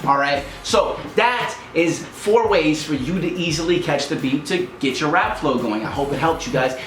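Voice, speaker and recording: A man's voice: on the high side, moderate pace, a bit bright, slight background noise. A man hosting a rap tutorial, explaining in a casual, upbeat way and counting out beats. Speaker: rap coach and channel host. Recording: echoey room with music behind.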